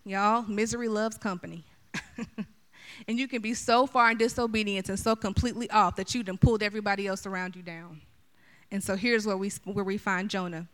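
A middle-aged woman preacher giving a sermon, animated and chatty, talking straight to her listeners. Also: mid-range voice, fairly quick. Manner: animated, chatty, addresses the audience directly.

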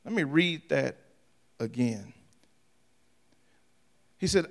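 A pastor delivers a sermon in a high, bright voice. He talks directly to his congregation and jokes with them. His delivery swings from quiet, offhand asides to shouted passages. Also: expressive, measured pace, pauses often.

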